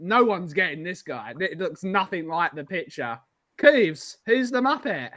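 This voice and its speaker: A man's voice: sits high, sing-song, a little slow, fairly bright tone, dry recording, clean studio sound. A man hosting a live-stream game show podcast, reading out chat comments and bantering with co-hosts. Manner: reads chat comments aloud, laughing, bantering. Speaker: podcast host.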